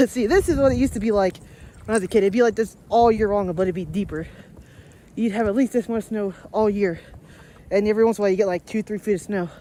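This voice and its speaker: A chatty woman talks into a handheld camera as she trudges through a snowstorm. Her voice sits at an ordinary middle pitch, broken up by frequent laughs, with faint outdoor noise behind her. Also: fast talker, warm tone. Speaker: daily vlogger. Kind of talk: casual vlog chat while walking outdoors. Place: outdoors in deep snow during a snowstorm.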